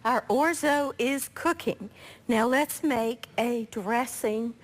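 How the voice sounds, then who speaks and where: A woman hosting a live cooking demonstration, her voice raspy from allergies, chatting homily with viewers. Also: on the high side, slow. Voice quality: chatty, homey, talks to viewers directly. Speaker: cooking show host.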